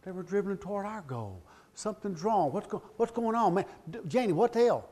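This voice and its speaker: A middle-aged man giving a speech, telling a personal story with heartfelt, dramatic swings between booming and hushed delivery. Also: lively intonation, fairly quick, slight background noise. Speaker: public speaker.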